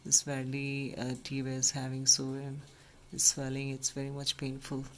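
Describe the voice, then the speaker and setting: A man, a bird rescuer, speaking softly and soothingly to an injured baby bird while explaining its care. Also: medium pitch, completely flat delivery, normal speed. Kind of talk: casual vlog narration. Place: at home, indoors. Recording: noisy home recording.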